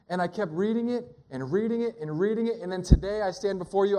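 A man preaching a sermon at a church gathering, in a conversational, joking way that slows down to stress single words. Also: high-pitched, darkish tone. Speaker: pastor.

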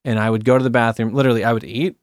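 A man's voice: medium pitch, steady tone, racing, no room sound, studio quality. A young man hosting a podcast, casually telling a personal story and acting out quoted voices. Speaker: podcast host. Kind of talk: casual chat.

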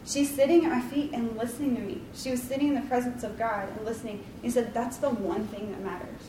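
A fairly high-voiced woman gives a casual devotional talk, rambling warmly through likes and ums with a self-deprecating touch. She sits back from the mic in a roomy, echoey space, with a faint hum of ambience behind her. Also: steady tone, fast talker, far from the mic. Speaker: Bible study leader.

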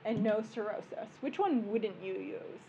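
A woman, a physician giving a relaxed, joking medical workshop lecture in a conference room. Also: medium pitch, measured pace, gravelly, a little hiss or hum, poor audio. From American Midwest. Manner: conversational and joking, explaining plainly.

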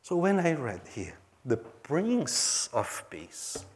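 A pastor from Brazil, speaking in Portuguese-accented English, tells a story earnestly during a sermon, his phrasing halting and non-native. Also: fairly high pitch, wildly swooping pitch.

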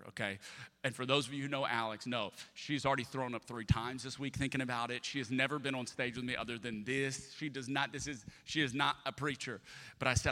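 A middle-aged man preaching a sermon with animated, jokey storytelling and sudden loud peaks. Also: medium pitch. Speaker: pastor. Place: church auditorium. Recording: long hall reverb.

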